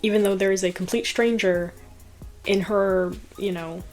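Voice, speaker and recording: A woman's voice: mid-range voice, fairly even intonation, moderate pace, a little mellow, soft background music. A woman chatting casually as she recaps a movie, laughing often and peppering it with "like.".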